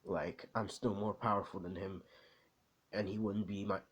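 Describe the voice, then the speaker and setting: A man's voice: lowish voice, steady tone, moderate pace, husky. A man doing an arrogant teen rival, sneering. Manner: sneering, boastful. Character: arrogant hot-tempered teen boy rival.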